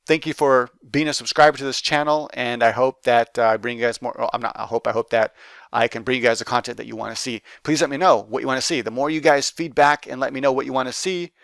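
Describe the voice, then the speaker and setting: A man's voice: medium pitch, fast, creaky, fairly bright tone, dry recording. A man chatting casually to camera as an art teacher, upbeat and rambling with lots of fillers and restarts. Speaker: art teacher and YouTube host. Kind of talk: casual giveaway chat to camera.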